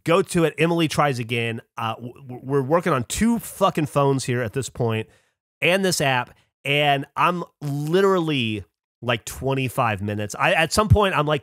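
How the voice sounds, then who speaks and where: A man's voice: mid-range voice, expressive, brisk, fairly bright tone, no echo, clean studio sound. A man on a podcast telling a rambling, swear-filled story about his own mistakes in a casual chat. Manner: swears a lot, ranting storyteller. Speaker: podcast co-host. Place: podcast studio.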